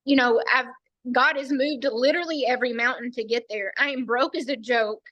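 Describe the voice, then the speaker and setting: A woman's voice: fairly high pitch, fairly quick, fairly bright tone, no room sound, highs cut off. A woman earnestly telling a personal story on a team call, acting out what others said to her. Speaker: team member sharing a story.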